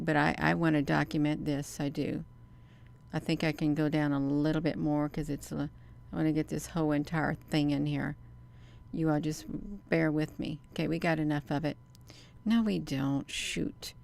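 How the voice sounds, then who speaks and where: Woman hosting a casual livestream; low, gravelly voice; excited. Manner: excited, talks to viewers as "you all". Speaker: video creator.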